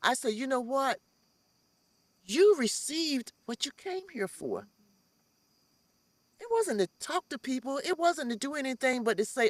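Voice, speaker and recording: A woman's voice: high voice, big pitch swings, measured pace, dry recording. Earnest woman, dry close sound. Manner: earnest, repeats phrases for emphasis, gets emotional. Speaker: community farm organizer. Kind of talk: heartfelt interview talk.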